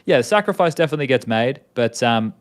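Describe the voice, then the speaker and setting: A man's voice: mid-range voice, lively intonation, quick pace. An Australian man in his thirties, chatting casually as an interview guest, rambling with many restarts.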